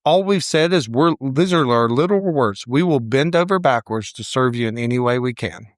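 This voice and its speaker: A middle-aged man in a relaxed podcast chat tells a story with plenty of animation, slipping into quoted voices as he goes. His voice sits at an ordinary middle pitch. The recording is close and dry, with no room sound. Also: brisk, no room sound. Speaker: salon owner, podcast co-host.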